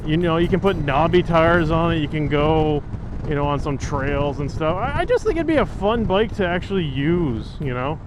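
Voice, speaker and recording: A man's voice: fairly high pitch, very animated, normal speed, music in the background. Joking, rambling motorcycle vlogger man. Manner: joking, rambling, heavy on fillers. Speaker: motovlogger. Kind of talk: casual chat while riding. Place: riding a motorcycle outdoors on city streets.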